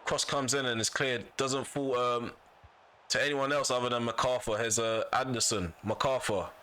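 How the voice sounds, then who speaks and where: Male gaming YouTuber, bright tone, frustrated self-repeating commentary over a faint hum. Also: mid-range voice, fairly even intonation, normal speed. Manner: frustrated, vents and repeats himself. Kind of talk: casual gameplay commentary.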